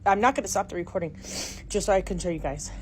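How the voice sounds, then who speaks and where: A woman's voice: mid-range voice, fast talker. A middle-aged woman filming her own house on a phone, whispering in fright and breaking into breathless exclamations and swearing. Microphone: phone camera. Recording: noisy phone video audio.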